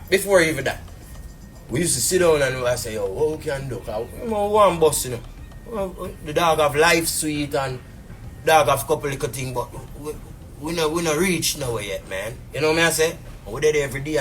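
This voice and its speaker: On a live stream, a man with a Jamaican patois accent rants in a casual, indignant way, rambling and repeating fillers as a businessman telling his side. His voice is mid-range with a fairly bright tone.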